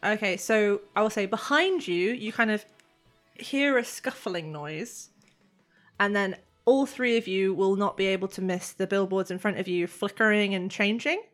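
A woman's voice: mid-range voice, normal speed, fairly bright tone. Brief: woman game master, chatty narration, faint music underneath. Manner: chatty, laughs often while narrating.

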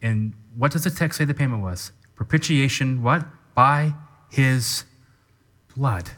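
A man preaching a sermon as pastor, teaching in an animated way and calling people up to act out an example. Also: mid-range voice, a little slow. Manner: animated teaching with live demonstration.

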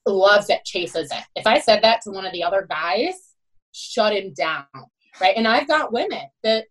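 A woman's voice: medium pitch, lively intonation, moderate pace, fairly bright tone, rough recording. A middle-aged woman who coaches college swimming tells candid, emphatic stories in a podcast interview and leans on "you know" and "right?". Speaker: college swim head coach.

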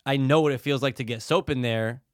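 A man's voice: mid-range voice, brisk, no room sound, studio quality. A young man in crude, casual podcast chat, candid and a bit defensive. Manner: candid, defensive, laughs at himself.

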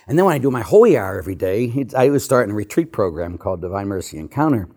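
An older man, a Catholic priest, telling stories to a church audience in an animated, joking way that swings from loud to hushed. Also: fairly low pitch, very fast. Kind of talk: storytelling talk to a church audience.

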